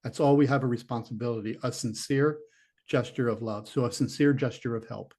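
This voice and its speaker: A middle-aged man tells a personal story in an earnest, rambling way, stopping to restart his sentences and acting out what he thought at the time. His voice sits at an ordinary pitch for a man. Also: fairly even intonation, brisk, dark tone. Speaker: interview guest, former police detective turned psychic medium. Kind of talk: conversational storytelling.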